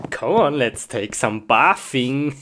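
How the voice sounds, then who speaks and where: A woman acting in a comedy skit, talking to herself in short, excitable exclamations with frequent laughter. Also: extremely low pitch. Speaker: comic actor in a skit. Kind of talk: acted comedy skit with game talk. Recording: noisy recording.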